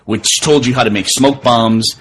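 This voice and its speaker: Man, mid pitch, measured and wry, casual anecdote, faint hiss. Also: steady tone, a bit bright, low-quality recording. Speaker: podcast regular.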